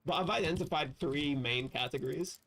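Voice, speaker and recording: A man's voice: on the high side, brisk, a bit bright. A man from England, chatting casually and profanely on a livestream while reading chat aloud. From southern England. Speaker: livestream host.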